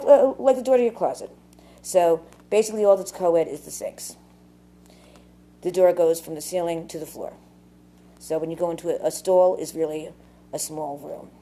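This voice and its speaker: A woman's voice: fairly low pitch, warm tone. A woman ranting casually to camera in a rambling, profane way, full of fillers. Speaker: vlogger.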